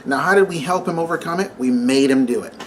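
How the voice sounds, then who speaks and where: A man in his thirties talks through a devotional message in a loose, chatty way, full of filler words and easy laughs. His voice sits at an ordinary middle pitch. A faint hiss runs under the recording. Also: fast. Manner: conversational, many fillers, laughs while telling. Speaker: Christian vlogger. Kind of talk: casual devotional talk.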